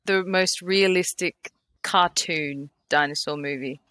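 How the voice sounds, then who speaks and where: A woman's voice: low-pitched, slow, pushed and bright, no echo. A woman who grew up in the UK, a guest on a film podcast, talking in an enthusiastic, rambling way. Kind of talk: casual chat.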